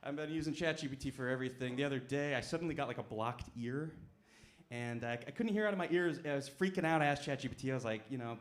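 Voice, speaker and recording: A young man performing a stand-up set at a comedy club, with deadpan, self-mocking asides. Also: medium pitch, fast. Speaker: stand-up comic.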